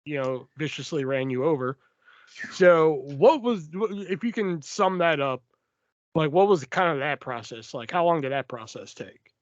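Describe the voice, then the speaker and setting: High-voiced man, dry lo-fi podcast. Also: lively intonation, moderate pace, no room sound. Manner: joking, interjecting. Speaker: podcast host. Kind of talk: casual podcast chat. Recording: dry, dull lo-fi sound.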